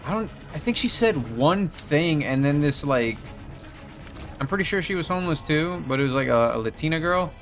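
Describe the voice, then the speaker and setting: A man's voice: on the high side, expressive, normal speed, faint music behind. A man hosting a gameplay video, telling a long rambling story in casual chat, swearing often. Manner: rambling storyteller, swears a lot, many fillers. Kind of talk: casual chat while playing a game.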